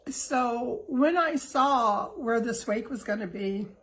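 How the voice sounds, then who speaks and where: A middle-aged woman hosting a heartfelt, reflective monologue. She speaks in a gentle, reassuring way and sounds emotional, close to tears. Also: fairly high pitch, takes it slowly, low-quality recording. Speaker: host.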